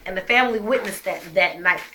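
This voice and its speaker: A woman's voice: medium pitch, fast, bright, forceful tone, a little hiss or hum. A young woman telling her own story as a mother, emphatic and heated, swearing often. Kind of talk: emotional personal storytelling.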